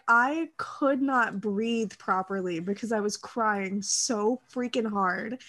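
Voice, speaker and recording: A young woman co-hosting a podcast, telling stories in a casual, animated way with a lot of laughter. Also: sits high. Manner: animated storytelling with frequent laughter. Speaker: podcast co-host. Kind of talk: casual chat.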